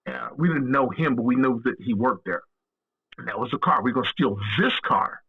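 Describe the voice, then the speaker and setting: A man, a podcast guest, telling stories casually in an animated, profane way and acting out the dialogue. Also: mid-range voice, normal speed, vocal fry, husky. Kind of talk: casual storytelling. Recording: tinny phone-line audio.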